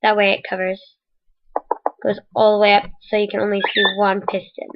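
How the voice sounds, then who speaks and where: A woman's voice: medium pitch, little pitch movement, moderate pace. A woman casually narrating a game building tutorial in voice-over, rambling and correcting herself as she goes, with the hiccups. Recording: dull lo-fi mic.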